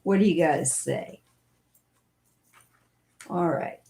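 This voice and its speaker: A woman's voice: lowish voice, expressive, slow pace, pauses often, darkish tone. A woman giving a casual live-stream tarot reading, musing and thinking aloud as she goes. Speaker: tarot reader.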